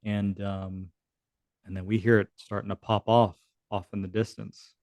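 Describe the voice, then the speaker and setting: A man's voice: fairly low pitch, little pitch movement, moderate pace, darkish tone, no echo. A man in his thirties, a military veteran guest on a podcast, telling a war story in a casual, profane way. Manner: casual, profane, acts out quoted dialogue. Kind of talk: conversational storytelling.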